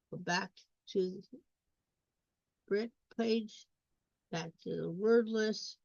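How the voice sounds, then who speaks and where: Gravelly and a little mellow, a mid-range female voice tutors reading step by step on screen, repeating sounds and words. The dull lo-fi recording carries no room sound.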